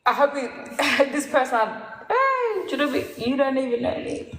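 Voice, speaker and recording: Woman chatting, animated storytelling, laughs at herself, echoey room. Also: high-pitched, normal speed. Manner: animated, laughs at herself, acts out quoted voices. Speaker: host. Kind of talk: casual storytelling chat.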